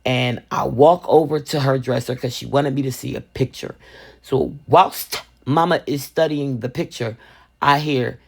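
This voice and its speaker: Animated gravelly-voiced woman telling a story. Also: very deep voice, a little slow. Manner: animated, expressive, laughs often. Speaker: vlogger, resin crafter. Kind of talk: casual storytime.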